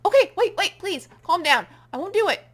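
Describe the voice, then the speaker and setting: A woman's voice: extremely high pitch, expressive, a little fast, voice pushed up. A woman voicing a frightened young heroine in a game, tense and pleading. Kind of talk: game voice reading.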